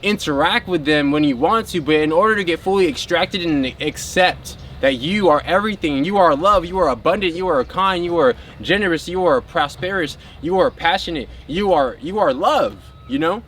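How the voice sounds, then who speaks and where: A man's voice: fairly high pitch, expressive, normal speed, few pauses, a bit bright, slight background noise. A man talking casually and spiritually to his viewers in a rambling way, full of filler words. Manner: addresses viewers as a group. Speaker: spiritual vlogger.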